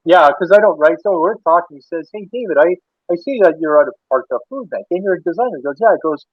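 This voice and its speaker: A man's voice: high-pitched, animated, quick pace, slightly rough, dry recording. A Canadian man, an interior designer, telling rambling anecdotes in a casual interview, with many restarts. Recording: tinny phone-like line, dry.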